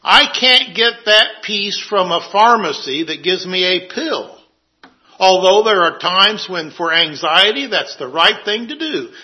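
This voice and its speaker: A man preaching an earnest sermon, walking through scripture verse by verse. His voice sits high and sounds very bright. He speaks slowly and sometimes drops to a hush for emphasis. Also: poor audio.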